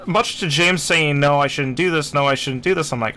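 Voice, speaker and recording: Bright-voiced man narrating a game replay. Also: a little high, brisk, a little hiss or hum. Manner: chatty, self-deprecating, acts out his own past thoughts. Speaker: gameplay commentator. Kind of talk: casual game replay commentary.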